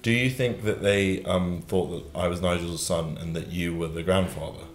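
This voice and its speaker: Deep-voiced guy in his 30s, deadpan questions, echoey room with faint music. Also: normal speed. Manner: dry, probing, mock-interrogating. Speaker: host. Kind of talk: comic interview with his father.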